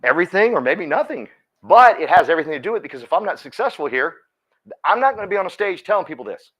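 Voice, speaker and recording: A man's voice: sits high, fast. Guy doing a motivational talk to a room, real emphatic, voice swings up and down a lot. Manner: emphatic, animated, calls on listeners by name. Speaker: speaker at a real estate team meeting. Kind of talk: motivational talk to a live audience.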